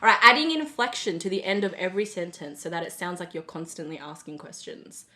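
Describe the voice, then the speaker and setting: Young Australian woman, podcast host, bright and giggly, lively pitch. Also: fast. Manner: giggly, laughs often between words. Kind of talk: casual chat.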